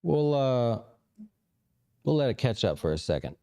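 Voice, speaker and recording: A man hosting a casual livestream, answering viewer questions in a relaxed, rambling way with lots of fillers. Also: medium pitch, measured pace. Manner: relaxed, rambling, thinks aloud with many fillers. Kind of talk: casual live chat about investing.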